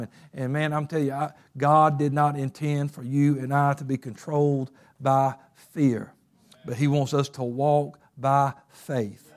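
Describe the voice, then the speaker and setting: A male pastor preaching a sermon, talking casually and then building up to fervent, shouted stretches. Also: medium pitch, fairly even intonation, measured pace.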